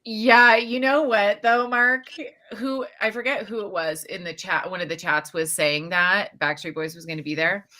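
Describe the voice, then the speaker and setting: Bright, chatty woman. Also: mid-range voice, moderate pace. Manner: animated, chatty, quotes herself with a lot of "like". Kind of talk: casual chat.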